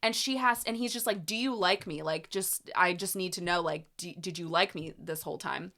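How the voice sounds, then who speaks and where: A woman's voice: fairly low pitch, brisk, creaky, bright, forceful tone. A young adult woman co-hosting a podcast, casually retelling scenes and acting out quoted lines. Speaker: podcast co-host. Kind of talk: casual chat.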